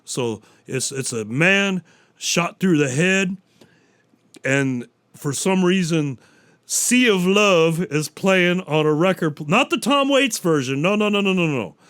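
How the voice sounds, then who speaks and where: A man's voice: on the high side, a bit bright, clear, resonant tone, dry recording. A man hosting a solo podcast, chatting casually and rambling, swearing freely and acting out bits of dialogue. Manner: rambling, profane, acts out quotes. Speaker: podcast host. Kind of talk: casual solo movie talk.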